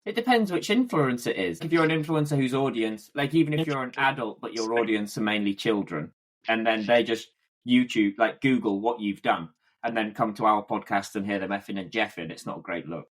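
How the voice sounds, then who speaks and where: A man's voice: lowish voice, a little fast. A man co-hosting a casual podcast, speaking in a laid-back, matter-of-fact way. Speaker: podcast co-host. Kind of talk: casual chat.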